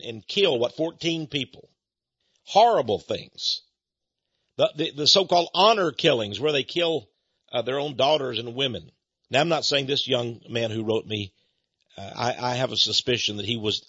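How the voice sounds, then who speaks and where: A man's voice: medium pitch, fairly bright tone, breathy edge, no echo, highs cut off. A man preaching to his viewers as an evangelist minister, earnest and rambling, often repeating words and restarting sentences.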